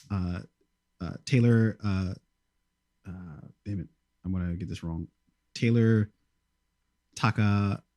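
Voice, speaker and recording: Halting, low-voiced man hosting a podcast. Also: darkish tone, dry recording, studio quality. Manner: hesitant, lots of filler words, stumbles over names. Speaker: podcast host. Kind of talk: casual chat.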